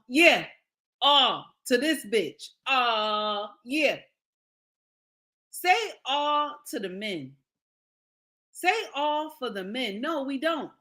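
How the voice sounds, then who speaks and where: A woman hosts a reaction video, reading viewer comments aloud at an unhurried, drawling pace. She repeats lines for emphasis and hums in agreement. Her tone is bright and clear. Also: on the high side.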